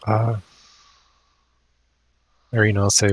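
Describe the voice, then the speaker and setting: Low-voiced man running a tabletop game. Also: fairly even intonation, unhurried, bright, forceful tone, poor audio. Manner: laughs often, voices townsfolk. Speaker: dungeon master.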